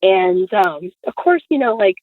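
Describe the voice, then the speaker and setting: Chatty woman guest storyteller, tinny dry phone-line sound, lively delivery. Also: medium pitch, unhurried, dry recording. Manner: chatty, lots of fillers, acts out quotes. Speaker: podcast guest. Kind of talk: animated storytelling.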